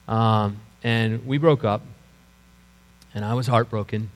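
A middle-aged man, a pastor, telling his conversion story in an earnest sermon, often dropping to a quiet, low voice. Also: steady tone, normal speed. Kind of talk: sermon testimony. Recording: echoey hall with mains hum.

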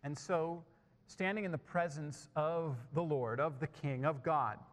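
A man preaching a sermon, building emphasis and then dropping to soft, hushed lines. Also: fairly high pitch, unhurried, big-room sound.

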